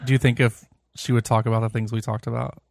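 A man from Virginia with a Southern accent, co-hosting a casual podcast with deadpan, teasing jokes. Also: medium pitch, fast talker, vocal fry, no room sound, studio quality. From Virginia, USA. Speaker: podcast co-host. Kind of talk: casual chat.

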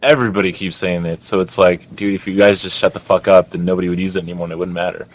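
A man's voice: low voice, fairly even intonation, very fast. A young adult man hosting a podcast, ranting in a rambling, profane casual chat. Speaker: podcast host.

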